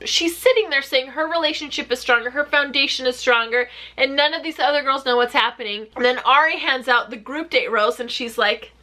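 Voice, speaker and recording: A woman vlogger giving a chatty, sarcastic recap of a TV show with rapid-fire questions. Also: high voice, pushed and bright. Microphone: camera mic.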